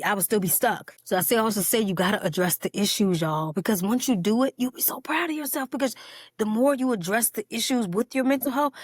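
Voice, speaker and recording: Casting: quick-talking woman, podcast host, earnest and candid, dry close sound. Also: mid-range voice, dry recording. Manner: earnest, speaks straight to listeners as "y'all"; candid, openly emotional. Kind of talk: personal mental health podcast talk.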